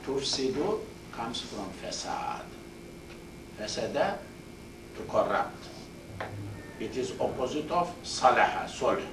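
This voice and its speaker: A man's voice: mid-range voice, sing-song. A man with teaching a Quran class, explaining Arabic words one at a time and rattling off verb forms. He sounds far from the microphone in an echoey room. A faint hiss runs under his voice. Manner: explains word by word, repeats terms, recites Arabic verb forms quickly. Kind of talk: classroom tafsir lecture. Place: mosque classroom. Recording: roomy echo, distant mic, faint hiss.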